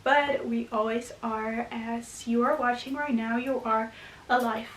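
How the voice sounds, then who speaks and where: Gentle, earnest woman in an echoey room. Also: a little high, fairly even intonation, unhurried, distant mic. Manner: gentle, earnest, laughs often. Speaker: spiritual vlogger. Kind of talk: casual spiritual talk to camera. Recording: echoey room with faint hiss.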